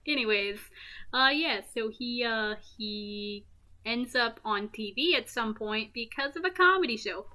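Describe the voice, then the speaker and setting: Bright high-voiced giggly woman. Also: a little slow. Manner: giggly, goofy, self-mocking asides. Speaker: movie reviewer. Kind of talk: casual rambling movie recap.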